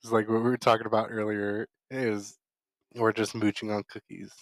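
A man's voice: lowish voice, little pitch movement, normal speed, no echo. A man co-hosting a podcast in casual late-night chat, rambling with lots of fillers while eating. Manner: rambling, heavy use of "like" fillers. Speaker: podcast co-host.

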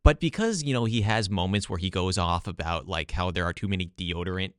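A man's voice: deep voice, fairly even intonation, fairly quick, a bit bright, clean tone, no room sound, studio quality. A man talking casually as a guest about his study, with many "like" and "you know" fillers. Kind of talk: casual political talk.

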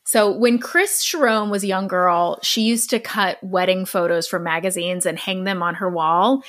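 A woman's voice: mid-range voice, fairly even intonation, moderate pace, a bit bright. Chatty woman podcast host telling a story. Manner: chatty, laughs easily, earnest.

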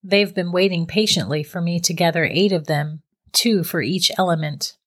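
A woman voicing a calm, teasing witch who holds a young man captive, speaking matter-of-factly in a storybook reading. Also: lowish voice, moderate pace, natural voice. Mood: cool, teasing. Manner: calm, matter-of-fact and mocking. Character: cold, teasing middle-aged female witch captor.

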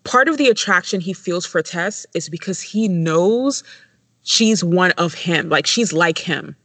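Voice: mid-range voice, lively intonation, measured pace, a bit bright, dry recording. A podcast co-host lays out a careful, emphatic analysis of a TV show. The sound is dry and close, with no room around the voice. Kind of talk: analytical discussion.

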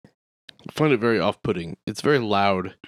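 A man with a fairly low voice co-hosts a podcast in a relaxed, casual chat. He tells wry, rambling stories. The sound is close and dry, with no room echo. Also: moderate pace. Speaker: podcast co-host.

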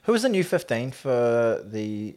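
Animated man chatting over beers. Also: mid-range voice, unhurried. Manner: lively, rambling, trails off mid-sentence. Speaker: podcast co-host. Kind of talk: casual chat over beers.

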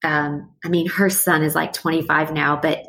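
A middle-aged woman talking thoughtfully in a relaxed conversation, slowing down and showing how breathing works. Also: sits low, gravelly, low-quality recording. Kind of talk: reflective conversational chat.

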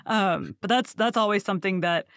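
A woman's voice: mid-range voice, moderate pace, a bit bright, dry recording, clean studio sound. A woman in her thirties hosting an interview, talking casually with many fillers. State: mother of a young child. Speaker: podcast host.

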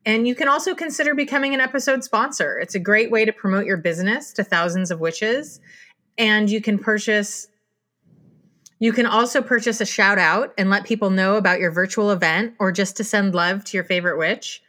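Woman co-host, very bright and crisp tone, upbeat promo read. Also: mid-range voice, fairly quick. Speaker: podcast co-host. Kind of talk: reading show announcements.

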